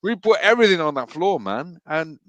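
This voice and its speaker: A middle-aged man hosting a livestream, telling rough, swear-filled work stories on a video call. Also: on the high side, big pitch swings, a little fast, fairly bright tone, lo-fi sound. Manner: swearing, laughing anecdotes. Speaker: livestream host. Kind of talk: casual chat, storytelling.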